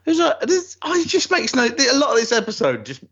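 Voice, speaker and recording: A man's voice: very high-pitched, brisk, breathy edge. A man chatting casually on a podcast and slipping into comic voices as he talks. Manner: animated, jumps into comic impressions. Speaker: podcast co-host. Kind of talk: casual chat. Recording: dull lo-fi sound.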